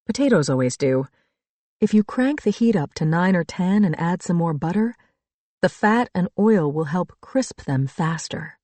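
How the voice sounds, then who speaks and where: A middle-aged woman narrating a first-person thriller audiobook in a calm, reflective storytelling manner. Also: fairly low pitch, a little slow, dry recording. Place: dry studio booth.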